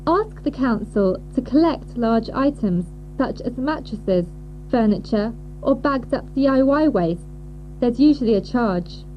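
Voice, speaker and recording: Woman reading rules on dull lo-fi audio. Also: high voice. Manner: clear, instructive. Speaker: reader of a code. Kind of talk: scripted reading for a listening task. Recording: dull lo-fi audio with faint hiss.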